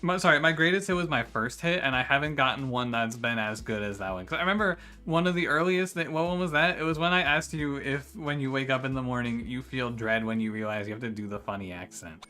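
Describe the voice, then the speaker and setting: A man's voice: medium pitch, quick pace, hardly any pauses, sharp tone. A man casually chatting with his stream chat while playing a strategy game, swearing freely and laughing as he talks. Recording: faint music behind the voice.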